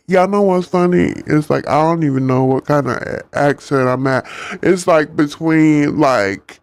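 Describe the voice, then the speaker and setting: A man's voice: on the high side, a little slow, clear, resonant tone, dry recording. A man reading a novel aloud on stream, breaking off for chatty, joking asides. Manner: animated, chatty, laughs at own jokes.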